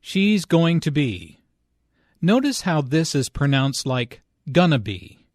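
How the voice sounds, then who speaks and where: Male lesson narrator, slightly high, very animated pitch, slow and clear. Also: no room sound, clean studio sound. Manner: slow, clear, careful enunciation. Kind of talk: scripted lesson narration and dialogue reading.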